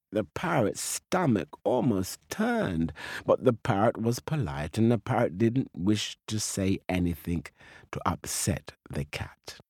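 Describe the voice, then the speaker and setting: A man telling a children's story with slow, lively, expressive narration into a close mic. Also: mid-range voice, no echo.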